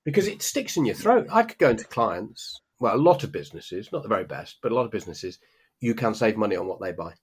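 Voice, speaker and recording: A middle-aged man co-hosts a podcast and tells work stories with emphasis. His voice is fairly low and husky, and he acts out both sides of quoted exchanges. His tone stays casual and conversational. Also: sing-song, fast talker. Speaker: podcast co-host. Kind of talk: casual chat.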